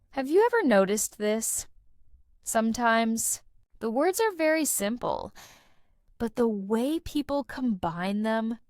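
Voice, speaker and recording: Woman teaching english real slow, higher voice that goes way up and down, dry close sound. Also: no room sound. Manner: slow, deliberate teaching delivery with lively intonation. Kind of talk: scripted language lesson.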